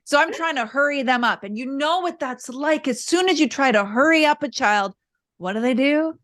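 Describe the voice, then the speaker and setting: A woman's voice: sits high, moderate pace. Earnest woman telling a parenting story. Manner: earnest, animated, candid storytelling. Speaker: parenting coach, podcast guest. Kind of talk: casual interview storytelling.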